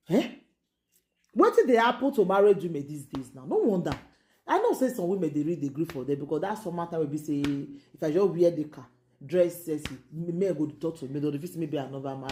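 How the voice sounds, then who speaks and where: A woman's voice: sits low, warm tone. A woman from Nigeria with a Nigerian Pidgin accent, hosting a casual gossip show in an exclaiming, repetitive, incredulous way.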